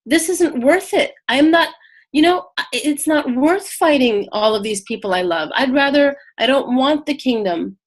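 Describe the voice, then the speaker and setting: A woman's voice: animated, moderate pace. A woman doing a panicked young warrior. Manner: frantic, pleading, raised pitch. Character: panicking young male warrior refusing to fight.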